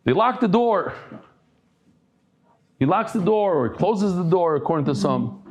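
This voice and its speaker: A high-pitched man talks a little slowly while giving a daily Talmud lesson. His storytelling is animated, with frequent restarts, Yiddish terms, and comic asides and jokes.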